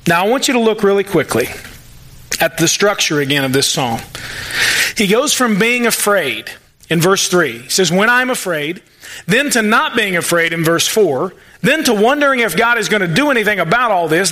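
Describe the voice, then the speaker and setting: A man preaching a sermon in church, talking conversationally and acting out prayers in quick asides. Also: high-pitched, bright, forceful tone, low-quality recording. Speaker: pastor.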